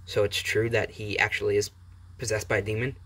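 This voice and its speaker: A man's voice: lowish voice, level tone, fairly quick, fairly bright tone. A man voicing a worried young female student in a fan-made story reading, asking questions in an unsure way. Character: worried young woman, ice-powered student.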